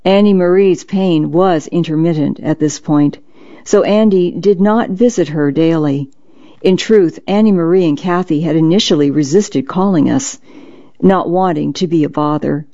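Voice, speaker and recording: A narrator reading a memoir in a gentle, measured, reassuring way. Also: mid-range voice, vocal fry, highs cut off. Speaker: audiobook narrator.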